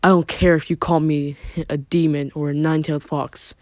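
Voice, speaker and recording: A man voicing a smug, vengeful young man who threatens in a low, slow delivery. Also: flat delivery, dry recording, clean studio sound, natural voice. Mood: menacing.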